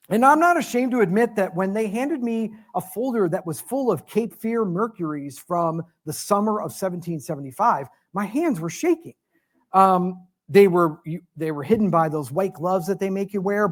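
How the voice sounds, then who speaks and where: A man giving a storytelling lecture as a guest speaker in a museum lecture hall, animated and joking at his own expense. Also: sits high, normal speed. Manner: animated, self-deprecating humor.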